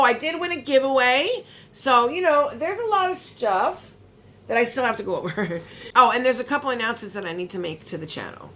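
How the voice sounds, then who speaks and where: Excitable woman vlogger, lively high voice, faint room noise behind; casual unboxing chatter. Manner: chatty, rambling, excitable with gasps. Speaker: beauty vlogger.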